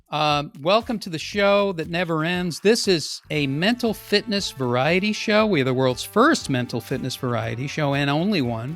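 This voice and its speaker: Lively, gravelly podcast host man. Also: no room sound. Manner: energetic and jokey, pitch jumps for emphasis. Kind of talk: upbeat podcast introduction.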